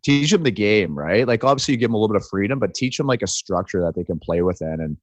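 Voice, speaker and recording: A male podcast co-host in easy, joking chat. His voice is fairly low, and he tells stories in a loose way, checking in with "right?" as he goes. The sound is close and dry. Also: expressive, quick pace, no echo. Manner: bantering, storytelling with many "like"s and "right?"s. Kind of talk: casual chat.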